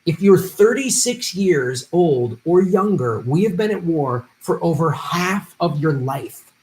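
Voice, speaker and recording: A man hosting a political commentary livestream, reading viewer donations and ranting with heavy profanity, swinging from muttering to shouting. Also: a little high, animated, slow, a little hiss or hum.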